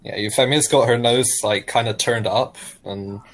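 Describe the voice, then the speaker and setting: A man playing a tabletop game, describing his character's actions in a halting way full of fillers. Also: medium pitch. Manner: hesitant, halting, full of "kinda" and "like". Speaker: player.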